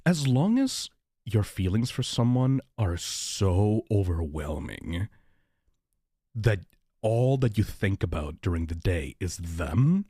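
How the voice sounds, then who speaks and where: A man hosting a livestream, thanking viewers for donations and chatting in an excitable, giggly way with plenty of swearing. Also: fairly low pitch, takes it slowly, breathy edge, dry recording, studio quality. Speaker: livestream host reading donations. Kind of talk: casual livestream chat.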